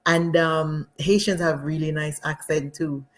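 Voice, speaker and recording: Animated Jamaican woman, laughs often. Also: deep voice, unhurried. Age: adult with children. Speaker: guest. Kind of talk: casual live interview.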